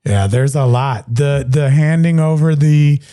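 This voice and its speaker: A man hosting a business interview podcast, talking in a relaxed, agreeable way and backing his guest with short replies. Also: fairly high pitch, unhurried, clean tone, no room sound, clean studio sound. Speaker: podcast host. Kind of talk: casual interview chat.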